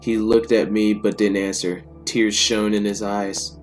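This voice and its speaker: A man reading an interactive story aloud and breaking off into loud, exasperated reactions. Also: lowish voice, a little slow, faint music behind. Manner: loud, exasperated outbursts between calm reading.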